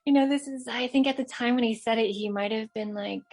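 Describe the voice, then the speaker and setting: A woman's voice: on the high side, fairly even intonation, brisk, a little mellow. A woman in her thirties from Los Angeles, calling in to tell a personal story in a casual, rambling way, with many fillers and restarts. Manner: chatty, many fillers and restarts, laughs often. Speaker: caller sharing a story.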